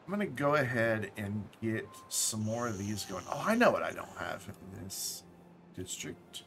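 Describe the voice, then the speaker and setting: A man's voice: fairly low pitch, big pitch swings, a little slow, vocal fry, a bit bright, a little hiss or hum. A man casually commenting while playing a game on a live stream, thinking aloud, correcting himself and dropping jokey asides.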